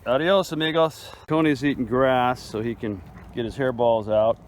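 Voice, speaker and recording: A man's voice: medium pitch, fairly even intonation, normal speed, a little hiss or hum, rough recording. A man giving a casual, chatty walking tour of his farm garden outdoors, filmed on a handheld phone. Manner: laid-back and chatty, calls viewers man and dude. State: chewing food at times.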